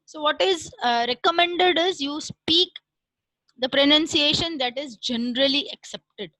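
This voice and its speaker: High, bright woman lecturing. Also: no room sound, poor audio. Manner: measured, explanatory, with frequent fillers. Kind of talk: online class lecture.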